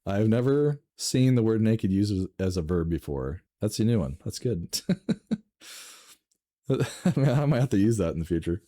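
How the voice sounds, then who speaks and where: A man reading online stories aloud and reacting with laughs, swearing and sudden jumps in pitch. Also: sing-song, normal speed, dark tone. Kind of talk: casual reading and commentary.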